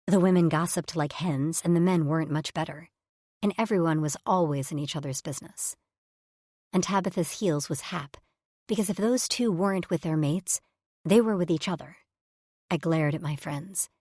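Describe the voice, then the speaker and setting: A woman's voice: deep voice, darkish tone, no room sound. A woman narrating a romance audiobook in the first person, in a dry, exasperated tone.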